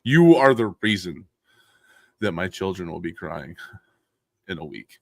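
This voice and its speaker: A podcast host with a low-pitched voice and vocal fry talks at a measured pace, recorded dry in a clean studio. His relaxed, casual talk is broken by loud bursts and laughter, and he jokes around, laughs often, and swears freely.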